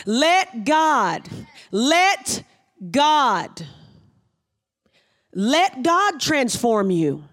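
Pastor delivering a sermon, emphatic and repetitive, reads scripture then explains it. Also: mid-range voice. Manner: emphatic preaching with repeated phrases.

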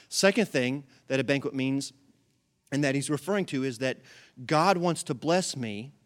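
High-voiced, passionate male preacher. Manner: passionate preaching, rising to near-shouts when voicing God; repetitive rhetorical questions, calls to the congregation. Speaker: pastor. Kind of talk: sermon.

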